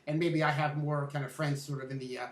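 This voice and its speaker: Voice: mid-range voice, little pitch movement, quick pace. Rambling middle-aged host, echoey and distant. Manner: rambling, with restarts and "uh". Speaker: interview host. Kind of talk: conversational interview.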